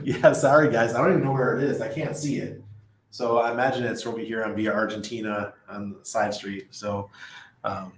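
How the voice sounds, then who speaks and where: A middle-aged man hosting a casual livestream, chatting loosely, laughing often and reading viewer comments aloud. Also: lowish voice. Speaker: livestream host. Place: apartment above a busy nightlife street. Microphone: studio mic at desk. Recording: echoey room.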